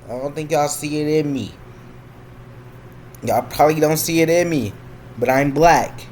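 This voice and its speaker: A young adult man hosting a reaction video, loud and animated, breaking into yelps and slang as he comments. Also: fairly high pitch, measured pace, slight background noise.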